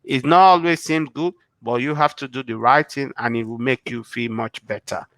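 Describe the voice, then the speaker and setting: A man's voice: medium pitch, normal speed, fairly bright tone, a little hiss or hum. A man from Nigeria with a Nigerian accent, a show guest answering questions earnestly and often restarting his sentences. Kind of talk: casual interview answers.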